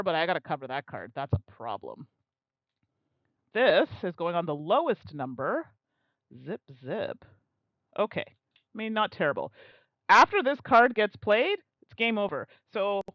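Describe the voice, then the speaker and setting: A woman's voice: medium pitch, sing-song, no room sound, lo-fi sound. A young woman chatting casually as she streams a solo board game, talking through her moves and laughing at herself. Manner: chatty, self-mocking, quick to laugh. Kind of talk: casual live-stream commentary.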